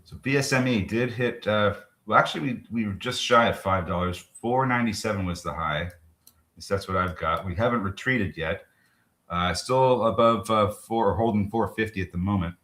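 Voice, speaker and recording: A man co-hosting a live trading show, talking through charts in a chatty, halting way. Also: on the low side, a bit bright. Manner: chatty, halting, restarts with fillers, quick laughs. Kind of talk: live market commentary. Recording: roomy echo.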